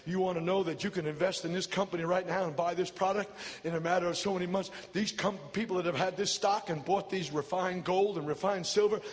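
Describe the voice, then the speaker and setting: Slick fast-talking radio ad pitchman , done by a male preacher, low and quick, echoing hall. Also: steady tone, lightly acted. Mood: salesy. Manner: slick, rapid sales patter.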